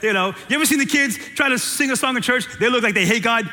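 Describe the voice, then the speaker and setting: A man preaching in a church with a high, bright voice that rings with the long reverb of a large hall. He preaches in an animated, jokey way, teasing his congregation and repeating lines for emphasis. The sound is that of a sermon captured in a big sanctuary. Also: fast, slight background noise. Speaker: pastor.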